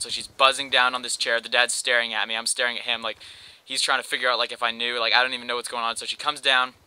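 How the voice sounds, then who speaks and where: Bright, slangy young Canadian guy telling a story. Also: medium pitch, dry recording, low-quality recording. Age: young adult. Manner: rambling, slangy, with lots of "like". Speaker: gameplay commentator. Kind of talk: casual storytelling over gameplay.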